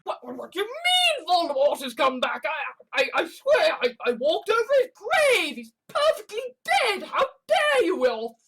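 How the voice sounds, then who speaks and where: A frantic, flustered man, as a ranting speaker puts him on stammers in a very high, shrill voice. He sounds cornered and jittery, and his voice climbs ever higher. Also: wildly swooping pitch, normal speed, hardly any pauses, fairly bright tone, full character voice. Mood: panicked.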